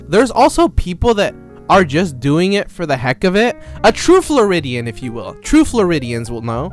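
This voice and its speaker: A high-voiced man delivers a sarcastic comedic monologue. He rambles, stops mid-phrase and restarts. Faint music hums underneath. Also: sing-song, normal speed. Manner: sarcastic, rambling with self-interruptions. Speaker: commentary creator.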